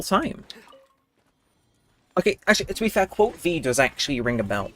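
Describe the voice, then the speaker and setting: A man's voice: mid-range voice, big pitch swings, a little fast, long pauses, fairly bright tone. A young man with a cold coming on, livestreaming a game and rambling casually to his chat while laughing often. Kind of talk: casual live-stream chat while gaming.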